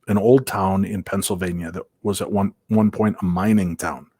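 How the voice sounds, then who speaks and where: A man from Minnesota telling paranormal investigation stories as an interview guest, animated and acting out quoted voices. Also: low-pitched, normal speed, husky, no echo. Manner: lively, acts out quoted voices, many restarts.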